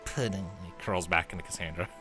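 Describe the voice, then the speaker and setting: A man narrating a tabletop game as game master, in a relaxed, descriptive way. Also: deep voice, fast, faint music behind. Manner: relaxed, descriptive, laughs easily.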